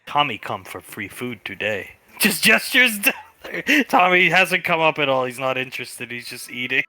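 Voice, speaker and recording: A man's voice: mid-range voice, very animated, pushed and bright, no echo. A young man playing a tabletop role-play game, chatting playfully in and out of character. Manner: playful, quick asides and laughing. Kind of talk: casual role-play chat and in-character talk.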